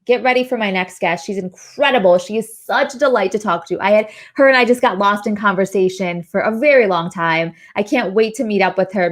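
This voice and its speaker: A woman hosting a charity livestream and interviewing a guest, effusive and gushing, quick to laugh. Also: medium pitch. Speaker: host.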